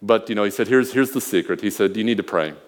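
A man's voice: fairly low pitch, fast talker. Man preaching a story in an echoing hall. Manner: storytelling, swings from quiet murmurs to loud emphatic bursts. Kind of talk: sermon with personal story. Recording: long hall reverb.

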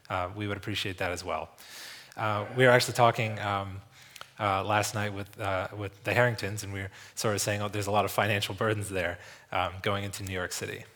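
A man's voice: lowish voice, fairly bright tone. Casual, chatty man preaching a sermon. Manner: casual and conversational, with many fillers and restarts; tells a story, acting out the voices of the people in it. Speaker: visiting preacher.

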